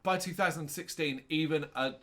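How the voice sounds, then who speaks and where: A man with a somewhat high voice co-hosts a relaxed film discussion. He rants and mocks, swears freely, and keeps stopping to correct himself. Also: normal speed. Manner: ranting, sarcastic, swears, trails off and corrects himself. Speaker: co-host reviewing a film. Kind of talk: casual chat.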